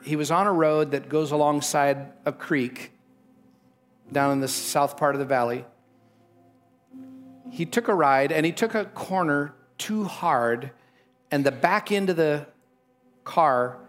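Preaching in a storyteller's manner, a middle-aged man speaks as pastor with strong emphasis, his voice abruptly rising in pitch.

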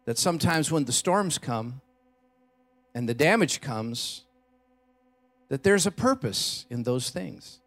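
A pastor preaches a Christmas Eve sermon in church, telling a story with dramatic swings between loud and hushed delivery. His voice is on the high side.

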